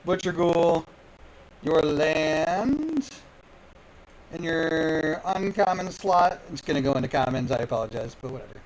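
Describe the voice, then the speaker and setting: A man's voice: on the high side, lively intonation, unhurried, slight background noise, poor audio. A man hosting a live card-opening stream, hyped and playful, talking straight to his viewers. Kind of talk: excited live stream chatter.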